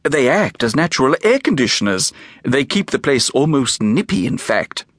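A man's voice: mid-range voice, sing-song, no room sound, clean studio sound. A man doing a shy, courteous little museum keeper. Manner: polite, eager, rapid and fussy. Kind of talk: audiobook character voice.

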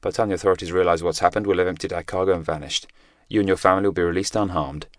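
A man playing a teenage boy undercover agent who speaks in a flat, controlled and quietly menacing way. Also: deep voice, racing, no room sound, close to an everyday voice. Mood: coldly firm.

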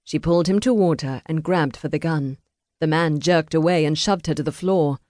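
A woman's voice: deep voice, moderate pace, darkish tone, no room sound. Woman narrating an audiobook, dry close sound. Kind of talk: scripted narration of a historical romance.

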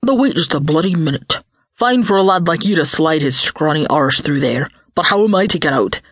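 A woman's voice: low-pitched, lively intonation, moderate pace, breathy edge, no room sound, full character voice. A paunchy, bald middle-aged bloke complains in a grumbling, indignant tone, as read by a woman narrator. The voice is close and dry, an audiobook recording without room sound.

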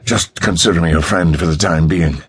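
A male narrator voicing a determined man shouting as he digs someone out. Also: low voice, moderate pace, breathy edge. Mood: urgent. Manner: urgent, shouting. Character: bold man digging out a stranger at night.

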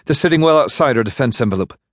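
A man voicing a brisk young woman tactical officer in an audiobook, giving crisp status reports. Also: mid-range voice, expressive, no room sound, clean studio sound, voice pushed up, lightly acted. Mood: tense.

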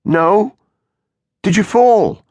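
A male audiobook narrator voicing a frightened young husband who speaks in a hoarse, anxious, urgent way. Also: high voice, very slow, a little mellow, no echo, pitched above the performer's own voice. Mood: careful urgent. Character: frightened young husband tending his stricken wife.

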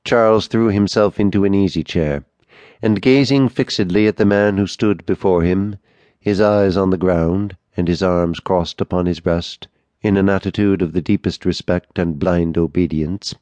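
A man narrating an audiobook in a measured, even storytelling manner, close to the mic. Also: sits low, no echo. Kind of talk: scripted narration.

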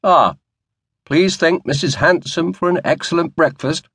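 A man's voice: fairly high pitch, a little slow, fairly bright tone, husky, no room sound, pitched above the performer's own voice, exaggerated voice. A man voicing a young naval officer and lord who speaks to his servant sternly but patiently. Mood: dry. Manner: stern, dry.

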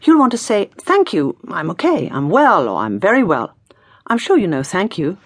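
A woman's voice: medium pitch, sing-song, moderate pace, husky, no room sound, studio quality. A woman teaching in a scripted audiobook lesson, prompting the learner in an encouraging, playful way. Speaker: language teacher.

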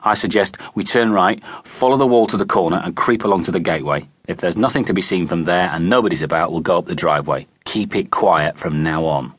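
A man voicing a bossy, cautious boy who leads a gang of kids, giving orders in a hushed, commanding way for a storybook. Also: fairly low pitch, fairly quick, hardly any pauses.

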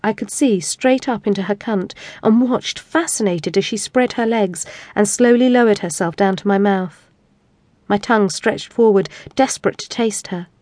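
A woman narrating a first-person audiobook story in a steady, measured reading voice. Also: medium pitch, no room sound.

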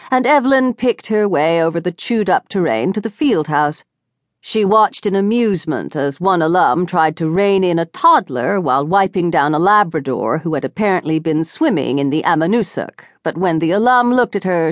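A woman reading a novel aloud as audiobook narrator, in an expressive scripted narration from a close studio mic. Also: fairly low pitch, no room sound.

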